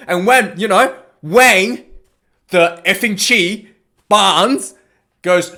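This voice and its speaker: A man giving a casual, rambling recap of a rugby match, excitable and full of asides. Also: high-pitched, measured pace.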